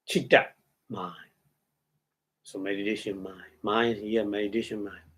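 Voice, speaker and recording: A man giving a Buddhist dharma talk as a meditation teacher. He speaks haltingly, chants Pali terms and then explains each one, and checks in with his listeners through short hums and questions. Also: mid-range voice.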